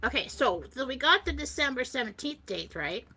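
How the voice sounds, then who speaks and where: A woman's voice: high-pitched, expressive, brisk, bright, forceful tone. A woman co-hosting a talk show, animatedly telling a personal story in casual chat and laughing often as she goes. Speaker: co-host.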